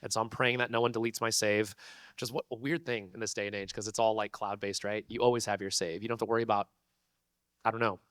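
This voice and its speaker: A man, a convention panel guest, telling a story to an audience in an animated, laughing way full of slang. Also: on the low side, fast talker, clear, resonant tone, no echo, studio quality.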